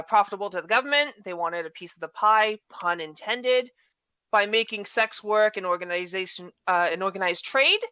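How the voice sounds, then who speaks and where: A woman with a thick non-native English accent reads a prepared argument as a podcast guest. Her voice is bright and forward, the sound dry and close. She trips over words now and then and restarts. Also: mid-range voice, dry recording. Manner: stumbles and restarts, laughs it off.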